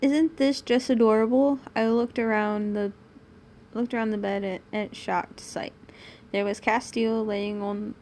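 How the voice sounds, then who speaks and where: A woman's voice: medium pitch, gravelly, a little hiss or hum. A young British woman reading fanfiction aloud on a stream, stumbling over the lines and adding sarcastic asides.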